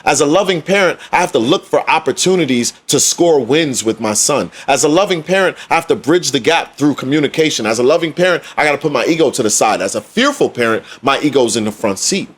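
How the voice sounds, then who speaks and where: A man's voice: mid-range voice, lively intonation, fast talker, few pauses, slightly rough. A man co-hosting a podcast in casual discussion, emphatic and repetitive for effect. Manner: emphatic, preachy, repeats phrases for effect. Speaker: podcast co-host.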